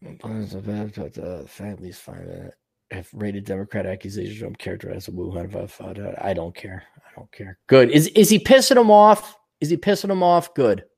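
This livestream host speaks in a lowish, sing-song voice with vocal fry, a slightly mellow quality and a bit of roughness. He reads viewer donations and rants bluntly with lots of cursing, his fast, loose talk packed with fillers and restarts.

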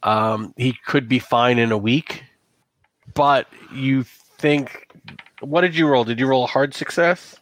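A man narrating a tabletop role-playing game as game master, talking in a halting way with many restarts and fillers. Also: mid-range voice.

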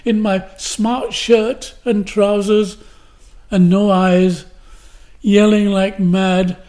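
A man's voice: high-pitched, level tone, drawn-out words, warm tone. An older man from Glasgow, a guest actor telling stories and acting out the lines he quotes. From Glasgow, Scotland. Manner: vivid storyteller who acts out the quotes. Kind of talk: anecdotal storytelling.

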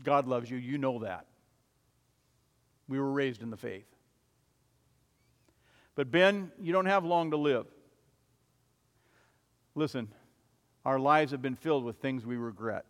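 A man's voice: medium pitch, expressive, takes it slowly, pauses often. Devout sister pleading with a dying brother, as a preacher puts her on; urgent and earnest, reverberant church. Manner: urgent, pleading, rising to loud.

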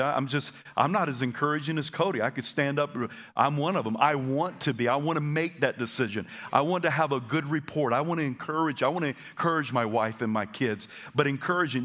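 A male pastor of medium pitch delivers a lively sermon in a church auditorium. He stammers and repeats himself, tosses in quick asides, and gets the congregation to echo his phrases.

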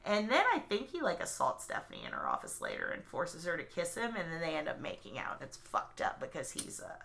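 A woman co-hosting a podcast, telling a story in a casual, profane, animated way and loudly acting out the people in it. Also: low voice, fairly quick, creaky. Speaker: podcast co-host. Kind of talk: casual chat.

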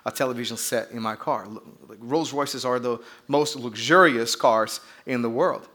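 A man's voice: medium pitch, moderate pace, pushed and bright, voice pushed down. A man voicing an arrogant rich driver of a luxury car in a put-on British accent, haughty and clipped.

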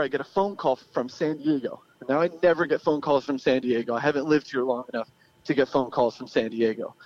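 Young guy telling a crazy story, kinda high voice, swears a lot, muffled lo-fi audio. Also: a little mellow. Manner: loose and profane, laughing through the story. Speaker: guest storyteller. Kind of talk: casual anecdote. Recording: dull lo-fi sound.

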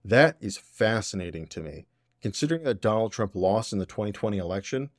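A man hosting a political commentary podcast, opinionated and sarcastic with quick asides. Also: fairly low pitch, expressive, no room sound, studio quality. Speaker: podcast host.

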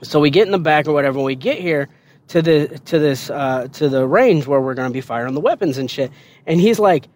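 High-voiced man telling a rowdy story. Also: expressive, normal speed. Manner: laughing, swearing, acts out quotes in a higher voice. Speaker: podcast host telling a story. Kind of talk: casual storytelling.

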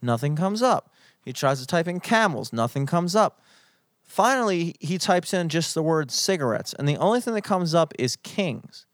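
A young man telling a story in casual chat, animated and profane, putting on mock outrage. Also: on the high side, normal speed, dry recording, studio quality.

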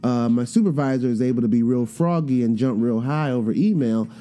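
Podcast host, male, relaxed warm tone, animated retelling over faint guitar music. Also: mid-range voice, brisk. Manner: animated storytelling, acting out quoted voices. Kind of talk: casual monologue.

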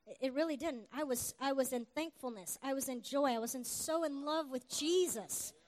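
A middle-aged woman preacher giving an earnest, animated sermon testimony. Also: high voice. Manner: earnest, animated, with quick asides and laughs.

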